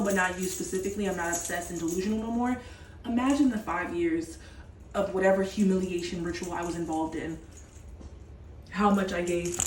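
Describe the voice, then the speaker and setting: Woman, low voice, venting in a frustrated way, roomy echo, slightly off-mic. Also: slight background noise. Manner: animated, frustrated venting, addresses viewers as y'all. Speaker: vlogger. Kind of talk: casual venting monologue. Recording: echoey room, some distance from the mic.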